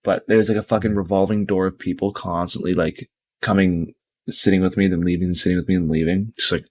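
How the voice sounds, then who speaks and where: On a laid-back podcast, this young adult co-host wanders through a weary, expletive-heavy story. He speaks a little fast in a low, slightly mellow voice with a steady tone, recorded without echo.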